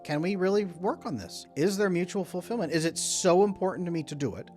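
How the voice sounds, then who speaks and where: A man's voice: high voice, brisk, darkish tone, faint music behind. A man speaking as a relationship coach, talking to camera and acting out both partners in short mock dialogues. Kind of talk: solo talk to camera.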